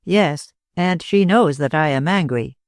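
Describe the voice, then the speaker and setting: Man reading as a snappy annoyed gent, clipped and dismissive, slightly high voice. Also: measured pace, no room sound, studio quality. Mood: irritated. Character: young gentleman, curt and irritable.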